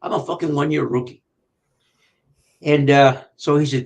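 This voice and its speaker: An older man and retired detective telling police stories in a profane, animated way, acting out shouting as he goes. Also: fairly high pitch, moderate pace, creaky, rough recording. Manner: profane, animated storyteller who acts out shouting. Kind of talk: storytelling on a podcast.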